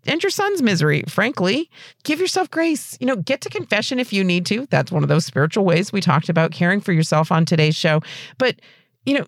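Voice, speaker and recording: Earnest encouraging woman podcast host, dry close mic. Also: dry recording. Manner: warm, encouraging, earnest; lively pitch rises. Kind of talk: advice podcast, answering a listener question.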